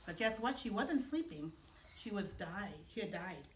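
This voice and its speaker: A woman teaching children in chapel, telling a story in an animated, expressive way with dramatic pauses and playful questions, heard from far off in an echoey room. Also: mid-range voice, a little hiss or hum.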